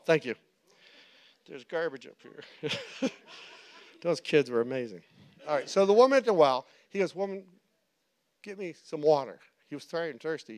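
Animated high-voiced male preacher. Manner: animated storytelling, acts out quotes, laughs often. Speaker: pastor. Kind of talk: sermon. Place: church.

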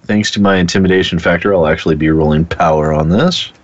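A man playing a tabletop wrestling game, speaking deliberately about his moves. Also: low-pitched, highs cut off. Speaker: player. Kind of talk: casual tabletop play.

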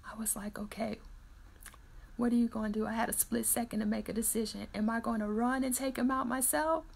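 A woman's voice: fairly high pitch, steady tone, a little fast, creaky, breathy edge. A woman hosting a morning Bible-reading livestream, chatting casually and reading out viewer comments, laughing often. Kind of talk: casual chat with live viewers.

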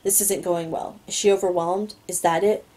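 Mellow-voiced woman reading a novel aloud. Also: on the low side, fairly even intonation, moderate pace, low-quality recording. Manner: stumbles on words, adds asides. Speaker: reader.

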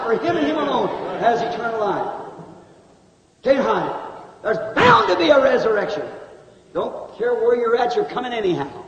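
A man's voice: very high-pitched, very animated, normal speed, some chatter behind. A man preaching a revival sermon in a fervent, folksy style with country grammar, recorded in a church hall on old tape.

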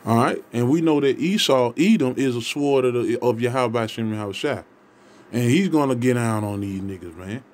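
A man's voice: mid-range voice, moderate pace, darkish tone. Man preaching with emphatic repetition. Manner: emphatic, repetitive, ends points with "okay?". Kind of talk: scripture teaching sermon.

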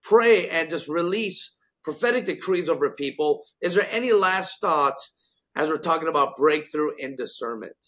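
A man's voice: fairly high pitch, expressive, moderate pace, a bit bright. A man hosting a faith talk show, asking his guest questions and breaking into fervent prophetic declarations. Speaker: show host.

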